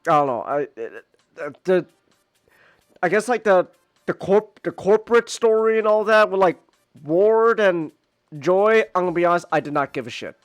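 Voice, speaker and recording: Man, high-pitched voice, casual podcast rant, stammers and repeats, swears a lot, faint music behind. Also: animated, normal speed, no echo. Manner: stammering, repeats words, swears, swings from mutters to near-yells. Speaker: podcast host. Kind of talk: casual ranting review.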